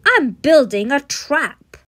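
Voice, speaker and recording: A woman's voice: high-pitched, very animated, slow, no room sound, pitched above the performer's own voice, full character voice. A woman voicing a spoiled, greedy rich boy who howls and snarls, in a storybook read-aloud. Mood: scornful snarling. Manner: howling, snarling, shouting.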